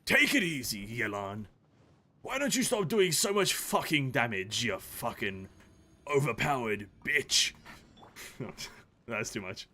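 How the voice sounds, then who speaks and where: A man streaming a game, joking and swearing, his throat sore and gravelly. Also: mid-range voice, big pitch swings, slow pace, sharp tone. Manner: joking, swearing, puts on a mock posh British voice. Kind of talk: casual gameplay commentary.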